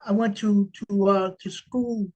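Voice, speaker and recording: Older man telling a story, halting. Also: high-pitched, fairly even intonation, darkish tone, dull audio. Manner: halting, repeats words, storytelling with quoted exchanges. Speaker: reading group member. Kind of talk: casual storytelling in group discussion.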